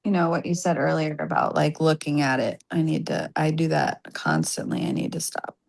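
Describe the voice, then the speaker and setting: A woman's voice: low-pitched, sing-song, normal speed, creaky. A woman with a Southern US accent, a caller on a coaching call, agreeable and giving short replies.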